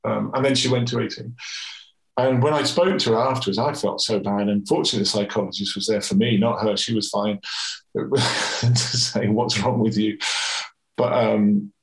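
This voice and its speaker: A man's voice: on the low side, normal speed, vocal fry. A middle-aged man, a swim coach and father, telling a candid story in a conversational interview. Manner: candid, animated, reflective storyteller. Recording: roomy echo.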